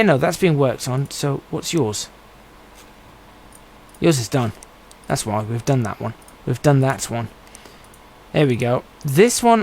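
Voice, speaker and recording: Guy streaming a pc building game, talking to himself, mid-pitched easygoing voice. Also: gravelly, poor audio. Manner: musing aloud to himself. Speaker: gaming streamer. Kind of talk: casual gameplay commentary.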